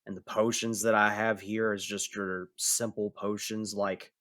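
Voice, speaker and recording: A man voicing a gruff, weary male bear shopkeeper who grumbles in exasperation. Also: fairly low pitch, little pitch movement, measured pace, bright, forceful tone, dry recording, clean studio sound. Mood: exasperated.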